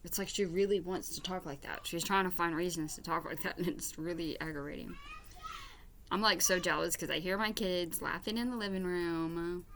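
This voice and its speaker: A woman's voice: lowish voice, steady tone, normal speed, a bit bright, a little hiss or hum. A woman hosting a casual reaction commentary, exasperated and blunt, with some swearing. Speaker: commentary video host.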